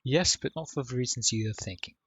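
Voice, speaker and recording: A man hosting a let's play, reading the game's text aloud and adding relaxed, wry commentary. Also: medium pitch, fast talker, breathy edge, dry recording.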